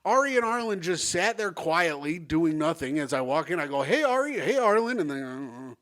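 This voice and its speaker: A man co-hosting a podcast, teasing his guests with crude jokes and animated storytelling. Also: fairly high pitch, moderate pace. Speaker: podcast co-host. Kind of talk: casual podcast banter.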